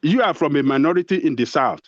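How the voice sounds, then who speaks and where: A Nigerian man with a slightly high voice argues hard, cutting in and repeating himself as he presses his case. The sound is close and dry but muffled, like a lo-fi stream. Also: animated, quick pace, no room sound. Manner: combative, interrupting, repeats himself. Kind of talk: heated live debate.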